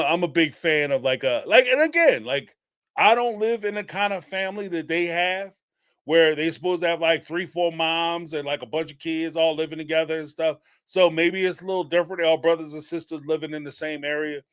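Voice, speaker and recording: A man's voice: a little high, a little fast, fairly bright tone, clear, resonant tone, no room sound, studio quality. Chatty man hosting a recap stream. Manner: rambling, chatty, lots of fillers and laughter. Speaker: reality TV recap host. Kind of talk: casual live-stream commentary.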